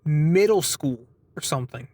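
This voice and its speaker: A man with a fairly high, slightly mellow voice gives a casual, rambling vlog update at a moderate pace, animated throughout. He swears freely, laughs through his stories, and keeps interrupting himself and drifting off topic. There's no room sound.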